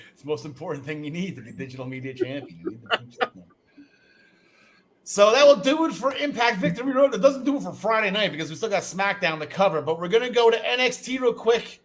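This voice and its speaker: A man's voice: high-pitched, lively intonation, fast. A man hosting a wrestling podcast over a video call, joking with his co-hosts as he moves the show from one segment to the next. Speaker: podcast host. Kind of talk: casual chat.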